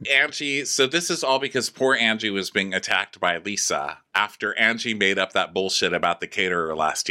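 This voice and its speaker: A man's voice: fairly low pitch, sharp tone. A man co-hosting a podcast, recapping a reality show in snarky casual chat. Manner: snarky, does mocking impressions of cast members. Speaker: podcast co-host.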